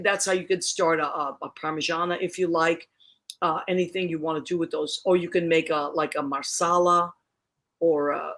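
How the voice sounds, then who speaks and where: A middle-aged woman hosting a casual online chat show, talking chattily about her cooking, with many restarts and easy laughter. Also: low-pitched. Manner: chatty, warm, laughs easily, restarts often. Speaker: show host.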